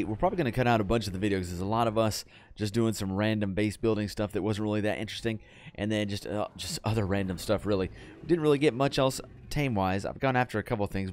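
A young adult man casually commenting on his video game as he plays, chatty and breaking into excited yells when things go wrong. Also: lowish voice. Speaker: gaming channel host.

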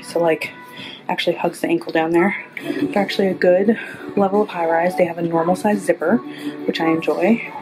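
A woman's voice: lowish voice, steady tone, brisk, poor audio. A young woman vlogging a clothing try-on from a store fitting room, chatting candidly and bluntly about how each item fits. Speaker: fashion vlogger. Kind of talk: casual try-on haul chat. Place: store fitting room, later inside a car. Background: background music.

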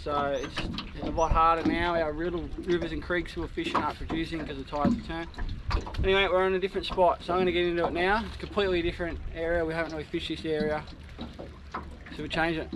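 A man talks casually to camera while fishing from a boat on a river, chatty and earnest, sometimes cheering loudly. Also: on the high side, fairly even intonation, fast. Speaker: fishing vlogger. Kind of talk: casual outdoor vlog narration. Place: on a small boat on a tidal river outdoors. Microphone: head-mounted camera. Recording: noisy outdoor boat recording.

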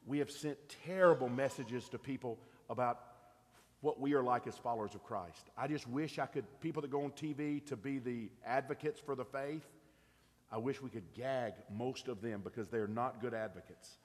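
A man's voice: medium pitch, moderate pace, long reverb tail. A middle-aged man, preaching an earnest, conversational sermon and asking his congregation questions. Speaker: pastor. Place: church sanctuary.

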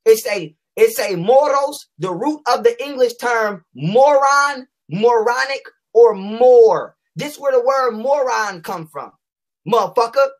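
A woman's voice: fairly high pitch, animated. Fiery, profane woman ranting at rivals. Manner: combative, profane, repeats phrases for emphasis; reads definitions aloud slowly. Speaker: online commentator. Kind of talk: heated vlog rant.

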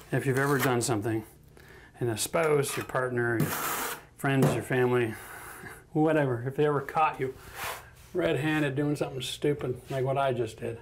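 On a bathroom job site, a man gives a casual DIY tiling tutorial, chatty and self-mocking and laughing often. His voice sits at a medium pitch, with a slight hiss or hum in the recording.

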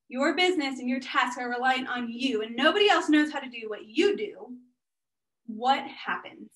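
Upbeat high-voiced woman presenter. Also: a bit bright. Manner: upbeat, chatty and encouraging, speaking straight to the audience. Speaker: guest speaker and business owner. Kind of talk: energetic workshop presentation.

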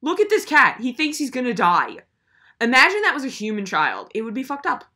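Sarcastic woman ranting with lively pitch. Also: brisk. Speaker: video host. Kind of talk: comedic commentary.

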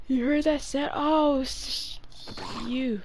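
Woman chatting through a game, kinda high voice, slow and playful, mutters to herself sometimes. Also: steady tone, a little mellow. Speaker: gaming video creator. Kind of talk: casual gameplay commentary.

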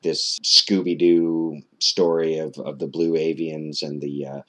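A man's voice: extremely low pitch, flat delivery, measured pace, a bit bright. A man giving a skeptical, sardonic commentary, with frequent "uh" fillers and restarts. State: out of breath.

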